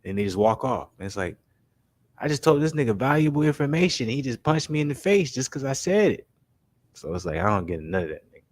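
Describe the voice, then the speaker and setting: In a very animated, mid-range voice, a young livestream basketball commentary host talks casually with his chat. He's laid-back and slangy, voices friends in quick quotes while talking through made-up scenarios, and keeps dropping "you know what I'm saying" and "man."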